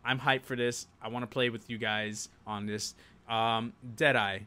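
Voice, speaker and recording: A man's voice: medium pitch, fairly even intonation, unhurried, sharp tone, clean tone. Rambling man hosting a gaming news stream. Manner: rambling, self-interrupting, chuckling asides. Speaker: show host.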